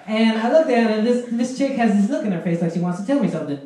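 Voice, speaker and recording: A man doing a stand-up comedy set at an open mic, telling crude stories with a deadpan delivery. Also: high voice, fast talker. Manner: deadpan storytelling, crude punchlines. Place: small club at an open mic. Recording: very echoey room.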